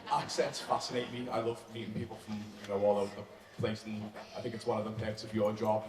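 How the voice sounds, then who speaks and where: A man's voice: on the low side, level tone, fast, a crowd in the background. A man from the audience asking a panel guest a question in a friendly, chatty way. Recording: echoey convention hall, faint noise.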